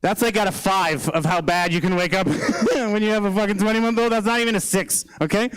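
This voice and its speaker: A man's voice: sits high, a little fast, fairly bright tone, clear, resonant tone, poor audio. A man in his thirties with a Canadian accent doing a rambling stand-up set on a theater stage, swearing often. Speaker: stand-up comedian.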